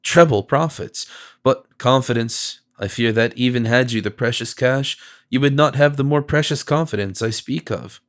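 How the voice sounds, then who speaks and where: A man voicing a smooth, persuasive confidence man. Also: mid-range voice, normal speed, lightly acted. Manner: gentle, persuasive and flattering. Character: smooth, solicitous male stranger, a confidence man.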